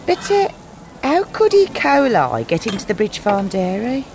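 A gushing, nosy village gossip. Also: female voice, mid-range voice, huge pitch swings, a little slow, a little mellow, slight background noise. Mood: curious. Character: chatty nosy village woman, excitable. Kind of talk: radio drama acting.

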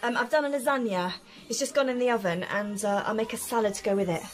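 An actress playing a caring, brisk partner at home in a radio drama. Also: female voice, fairly high pitch, lightly acted. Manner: brisk, warm. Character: caring, upbeat young partner.

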